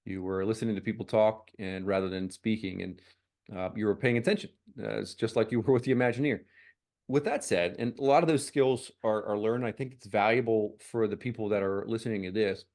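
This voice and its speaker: A man's voice: on the low side, brisk, darkish tone. A man hosting an interview podcast, asking long questions and restating what his guest has said. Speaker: podcast host.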